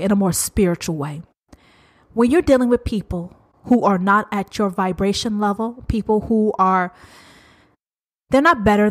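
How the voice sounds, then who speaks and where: A woman hosting a solo podcast, speaking bluntly and profanely, drawing out her words and talking straight to her listeners. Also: mid-range voice. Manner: blunt, profane, emphatic and drawn-out. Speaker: podcast host. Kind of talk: uncensored solo podcast rant.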